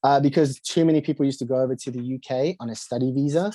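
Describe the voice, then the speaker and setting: A man's voice: mid-range voice, fairly even intonation, fast, warm tone, dry recording. South African man telling his story casually. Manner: chatty, fillers and acted-out quotes. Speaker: guest.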